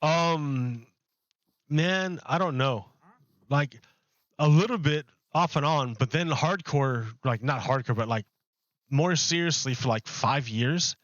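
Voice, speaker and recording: Slow, rambling male streamer. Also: a little high, fairly bright tone, no room sound, dull audio. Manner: rambling, chatty, with many fillers and restarts. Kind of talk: casual livestream chat while gaming. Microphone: close desk microphone.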